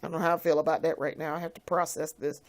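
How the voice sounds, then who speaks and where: A woman venting in a vlog, blunt and profane, swinging from quiet, hesitant musing to loud, heated outbursts. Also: low voice, flat delivery, rapid-fire. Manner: fiery, profane, blunt ranting. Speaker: vlogger.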